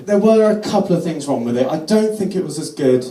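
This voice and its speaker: A man's voice: on the high side, animated, brisk, warm tone. A man doing a live stand-up routine, chatty and sardonic, slipping into mock voices. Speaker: stand-up comedian. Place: comedy night at a London venue. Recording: echoey venue, distant mic, audience noise.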